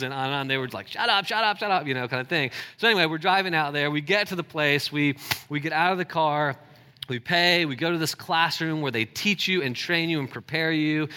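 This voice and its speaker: A man preaching to a congregation, his voice bright and forceful and a little higher than most. He tells a story in an animated, self-deprecating way, stumbling over restarts and turning to the crowd with asides. Long reverb trails behind each phrase, as in a large hall. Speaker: pastor. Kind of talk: sermon storytelling.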